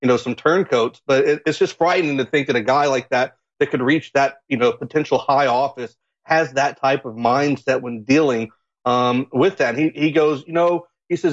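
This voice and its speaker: A man from Florida joins a political talk show as a guest, his voice a plain middle pitch. He speaks haltingly, stumbling through restarts and fillers. The sound is muffled and a bit lo-fi.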